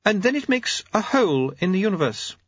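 A man voicing an excitable, stammering noblewoman on a dull, lo-fi recording. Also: sits high, brisk, husky, voice pushed up, exaggerated voice. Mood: excited.

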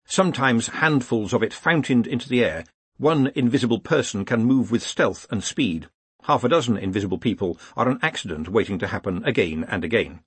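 A man reading an audiobook in a wry, expressive storytelling manner. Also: lowish voice, normal speed, slightly rough, dry recording. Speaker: audiobook narrator. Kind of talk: scripted narration.

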